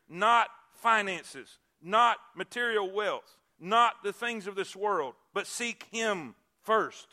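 A high-pitched man preaches a sermon, hammering key phrases through repetition. He moves back and forth between forceful loud emphasis and soft asides.

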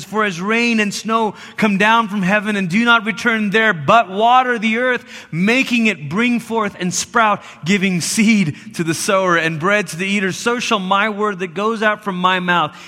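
High, bright-voiced man preaching in a church. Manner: emphatic, repeats words, drops to near whispers for stress. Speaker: pastor. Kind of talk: sermon. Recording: long church reverb.

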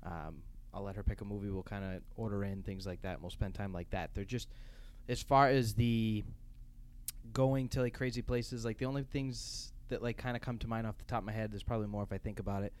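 Relaxed young man with low voice. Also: a little fast. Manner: relaxed, rambling with many fillers. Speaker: podcast co-host. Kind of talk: casual podcast chat.

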